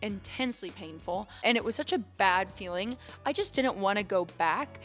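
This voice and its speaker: A woman's voice: mid-range voice, animated, moderate pace, fairly bright tone, soft background music. A young woman streamer telling a candid, emotional story on her vlog, swearing casually and near tears. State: close to tears. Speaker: streamer and vlogger.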